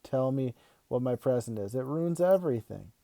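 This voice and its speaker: A man's voice: mid-range voice, expressive, normal speed, gravelly, warm tone, no room sound. A man reading aloud and voicing a fifth-grade boy who is impatient with his dad but easily thrilled. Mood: exasperated.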